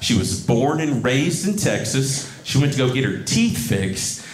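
A man doing stand-up comedy in a chatty, deadpan storytelling manner. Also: medium pitch, measured pace. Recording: echoey room with loud noise.

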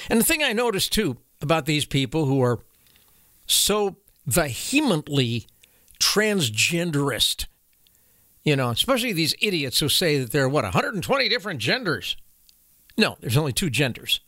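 A man's voice: fairly high pitch, very animated, moderate pace, fairly bright tone, dry recording, clean studio sound. Blunt, emphatic male commentary host. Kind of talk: opinion commentary.

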